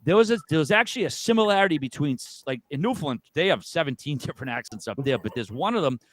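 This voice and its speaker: A man with a Boston accent, a podcast guest chatting casually, loud, joking and freely profane. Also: on the high side, animated, quick pace, no room sound. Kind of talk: casual interview chat.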